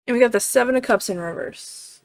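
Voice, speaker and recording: A woman's voice: a little high, fairly quick, gravelly. A woman giving a casual tarot reading in a chatty way, full of fillers, often checking in with "right?" and swearing now and then. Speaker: tarot reader.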